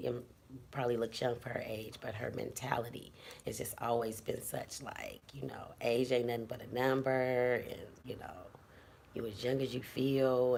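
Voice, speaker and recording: Very deep gravelly woman in her fifties. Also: slight background noise. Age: 50s. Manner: blunt, profane, rambling. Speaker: vlogger. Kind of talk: casual chat. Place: at home indoors.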